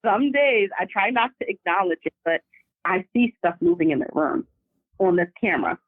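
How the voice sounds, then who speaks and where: A woman calling in to a podcast, telling a story in a casual and animated way. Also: fairly low pitch, moderate pace, dry recording. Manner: animated, vivid retelling. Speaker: caller. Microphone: phone call. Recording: tinny phone line.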